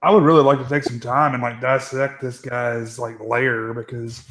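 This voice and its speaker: A man's voice: mid-range voice, steady tone, normal speed, fairly bright tone, slight background noise. A man co-hosting a casual movie commentary, hesitant and full of fillers. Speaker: commentary co-host.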